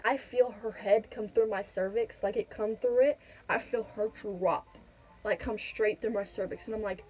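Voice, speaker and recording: A woman's voice: a little high, steady tone, brisk, a little mellow, poor audio. A young woman casually telling her birth story in a vlog, rambling with lots of fillers. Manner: rambling, many "like" and "whatnot" fillers.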